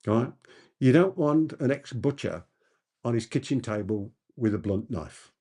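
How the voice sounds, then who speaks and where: A man's voice: fairly low pitch, vocal fry, a little mellow, slightly rough. A man who is a business coach, answering audience questions in an emphatic masterclass talk and repeating key points for effect.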